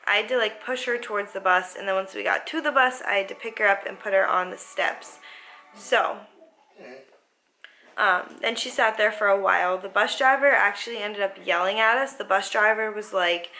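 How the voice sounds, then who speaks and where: A mother vlogger with a steady, mid-range voice tells a family story at a moderate pace against a noisy background. She rambles casually, using many fillers and acting out what everyone said.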